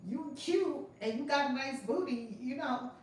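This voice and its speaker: A woman's voice: high voice, a little slow, a little hiss or hum, voice pushed up. A woman putting on the voice of a brash male comedian who teases a friend. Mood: teasing. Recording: echoey room from far off.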